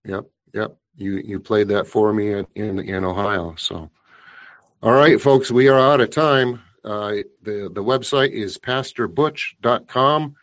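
A man with a fairly low voice hosting a talk show. He chats with his guest in a relaxed, plain-spoken way and wraps up the segment with announcements for listeners. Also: a little slow.

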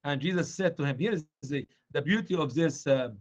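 A man teaching from the Bible with great energy, acting out the people in the story in raised voices. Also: fairly quick. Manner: excitable, acts out dialogue in high voices. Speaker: guest preacher. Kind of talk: animated evangelistic teaching.

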